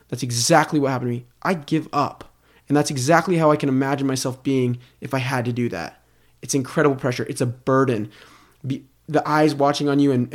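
A young man co-hosting a casual faith podcast, talking with enthusiasm and building on his partner's ideas. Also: mid-range voice. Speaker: podcast co-host.

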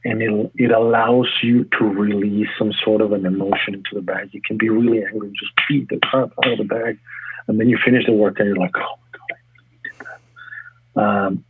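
A man's voice: on the low side, a little hiss or hum. A man who coaches fitness and runs a gym, talking casually and energetically in an interview, often restarting his sentences. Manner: energetic, talks in quick restarts. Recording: tinny phone-like line.

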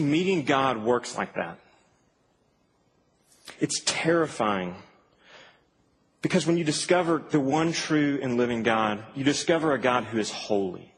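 A man preaching a sermon in a church, conversational and animated, with asides to the congregation. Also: medium pitch. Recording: reverberant hall, faint background hum.

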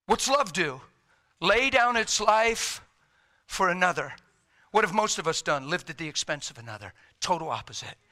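A man preaching a sermon with passion, swinging between shouts and hushed, quiet lines. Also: high voice, expressive, normal speed.

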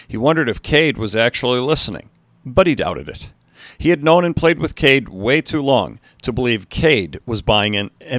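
A man's voice: mid-range voice, a bit bright, no room sound. A man narrating a story, reading steadily and now and then correcting a slip.

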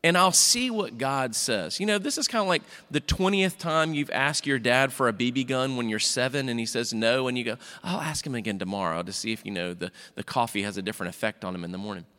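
A man preaches in a church, telling a Bible story with animated asides and quick character voices. His voice is bright and forceful. The sound carries a long reverb from the sanctuary. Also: mid-range voice. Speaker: pastor. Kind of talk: sermon retelling a Bible story.

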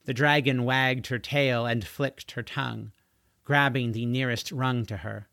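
Storybook narrator, male, gravelly texture, expressive measured delivery. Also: medium pitch, dry recording, clean studio sound. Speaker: audiobook narrator. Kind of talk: storybook reading.

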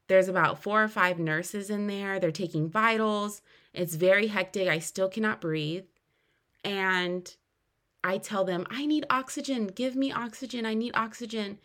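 A young woman with a fairly low voice tells her own story on her podcast. She speaks earnestly, and her voice jumps up in pitch and loudness on key moments before settling back. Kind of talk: personal storytelling.

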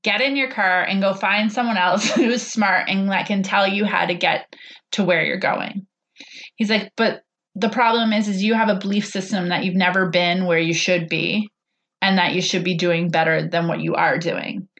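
A podcast host with a medium-pitched, fairly bright voice speaks at normal speed with fairly even intonation, the highs cut off. She tells a personal story casually and chattily, quoting others conversationally and often saying "like" and "he's like."

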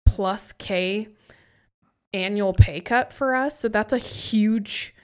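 A woman's voice: medium pitch, slow, clean tone. A woman in her thirties, a podcast guest telling her story candidly and earnestly, often restarting her sentences.

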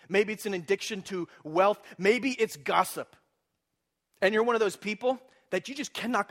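A man preaching a sermon as pastor, animated and humorous, often putting questions to his congregation. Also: high voice.

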